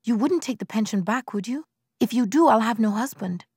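A woman's voice: a little high, expressive, fairly quick, a little mellow, breathy edge, no room sound, clean studio sound, pitched above the performer's own voice. A woman reading aloud, voicing an earnest young girl about to be married. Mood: frightened. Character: hopeful young bride-to-be girl.

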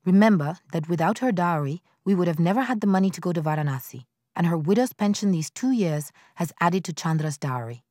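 A woman reading aloud, voicing a tired, gentle older father-in-law who speaks slowly. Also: lowish voice, lively intonation, dry recording, clean studio sound. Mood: weary. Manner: weary, slow.

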